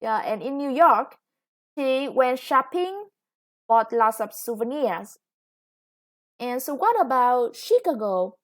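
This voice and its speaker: A woman's voice: high voice, big pitch swings. A woman with a Vietnamese accent teaching an English lesson, explaining patiently and drawing out new words as she goes. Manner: patient, explains slowly, stretches new words, self-corrects. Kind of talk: recorded classroom lesson for students.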